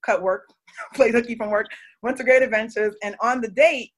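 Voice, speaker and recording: A woman in her forties hosting a talk show, telling a personal story in a casual, animated way, laughing often and acting out quotes. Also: on the high side, normal speed.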